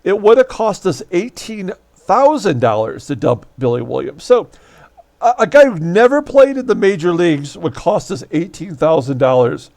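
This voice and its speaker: A man's voice: normal speed, creaky. Chatty man hosting a tabletop baseball game. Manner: chatty, wry, frequent fillers, animated pitch jumps. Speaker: channel host running a tabletop baseball replay. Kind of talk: casual solo commentary.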